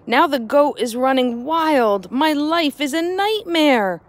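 A woman reading a picture book aloud, voicing a desperate poor peasant man in a high, loud, pleading voice. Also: animated, slow pace.

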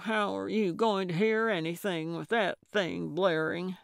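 A woman voicing a grumpy, blunt man with a gruff, lowered manner of speaking. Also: expressive, slow pace, no echo, studio quality.

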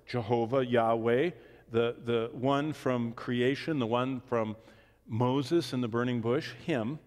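A man teaching the Bible in a question-and-answer session, swinging from emphatic declarations to hushed asides. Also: mid-range voice, a little slow. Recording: long reverb of a large hall.

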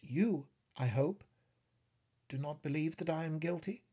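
A man reading aloud, voicing a gentle, resigned young woman facing death in a storybook reading. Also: fairly high pitch, measured pace, breathy edge, pitched above the performer's own voice. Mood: tender.

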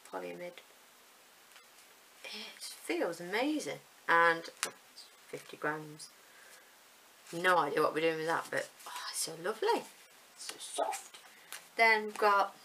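A woman's voice: lowish voice, creaky, pushed and bright, slight background noise, low-quality recording. A woman, chatting casually and rambling a little as she unboxes yarn. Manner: chatty, rambling, self-deprecating. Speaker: vlogger showing yarn.

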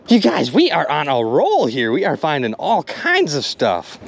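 A man commenting excitedly to his viewers while magnet fishing outdoors by a river. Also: a little high, normal speed, creaky, few pauses. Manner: excitable, addresses viewers as "you guys".

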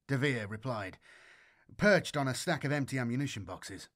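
A man giving a measured, scripted audiobook narration of a war story. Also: mid-range voice, very animated, fairly bright tone.

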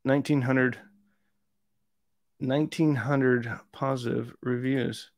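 A man's voice: mid-range voice, steady tone, takes it slowly, dry recording, studio quality. A man hosting an audio gear live stream, chatting casually in a rambling, easygoing, self-deprecating way. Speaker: audio channel host.

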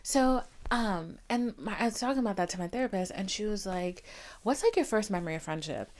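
A woman's voice: medium pitch, fairly quick. A woman in her twenties hosting a podcast, talking casually and candidly, swearing often and acting out the people she quotes. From Haitian family. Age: 20s. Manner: chatty, profane, animated quoting. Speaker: podcast host. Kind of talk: casual confessional monologue.

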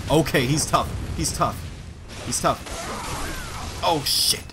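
A young man giving casual, excitable commentary while playing a game, swearing and yelping during fights. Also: medium pitch, unhurried, long pauses, over music. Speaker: gaming let's-play host.

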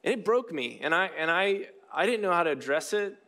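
A man's voice: high-pitched, animated, fairly quick, sharp tone. A man in his thirties preaching a sermon in a conversational, self-deprecating way, with many fillers and restarts. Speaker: pastor.

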